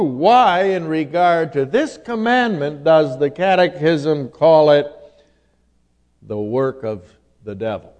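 A male preacher delivering a sermon in a deliberate, emphatic manner and quoting scripture in old-fashioned wording. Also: mid-range voice, a little mellow. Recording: long hall reverb.

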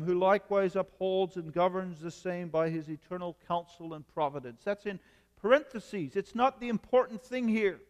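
A man preaching a sermon as a pastor, measured, with emphatic repetition. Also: high voice, clear, resonant tone, long reverb tail.

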